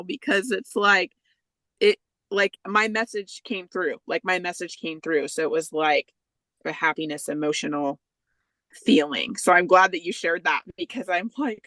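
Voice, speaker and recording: A woman author chatting on a podcast, heartfelt and a little halting, with many fillers. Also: mid-range voice, expressive, pushed and bright, no echo, poor audio. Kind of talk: casual podcast chat.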